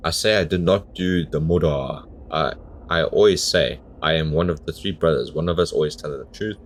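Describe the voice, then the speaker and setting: A man's voice: extremely low pitch, moderate pace, a little hiss or hum. A man voicing archaic-speaking cursed tree folk, reading game dialogue aloud in a mock old-fashioned thee-and-thou manner. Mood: dramatic.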